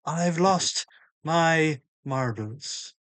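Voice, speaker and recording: Bright, rambling man at a game table. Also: fairly high pitch, extremely slow, no echo. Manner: rambling, swears, self-correcting. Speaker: player. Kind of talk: casual chat at the game table.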